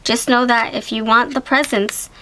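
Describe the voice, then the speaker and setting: Chatty woman with a slightly high voice. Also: moderate pace, slight background noise, poor audio. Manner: chatty and animated, with exclamations and self-corrections. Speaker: tarot reader. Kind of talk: casual pick-a-card tarot reading to viewers.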